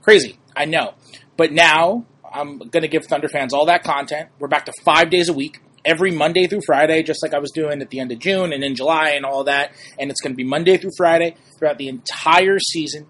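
A young man from New York hosts a casual sports podcast with a husky, slightly raised voice. He talks in a chatty, upbeat way, tossing in self-deprecating asides. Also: a little high, fairly quick, a bit bright. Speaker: podcast host.

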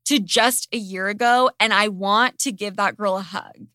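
A woman's voice: mid-range voice, moderate pace, bright, forceful tone, no room sound, studio quality. A woman hosting a podcast, telling a story in casual chat with dramatic flair and lots of swearing. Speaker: podcast host.

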